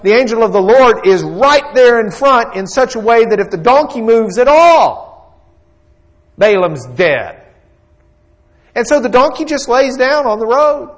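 A man teaches a Bible lesson, retelling the story in a folksy, joking way. His voice sits a bit high, and he often pauses on fillers as he goes.

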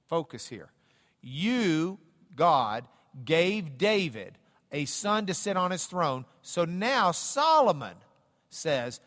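Man, high voice, slow deliberate Bible lecture, loose and chatty, big reverberant hall. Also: sing-song, a bit bright. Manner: conversational, repeats words, jokey asides. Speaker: Bible teacher.

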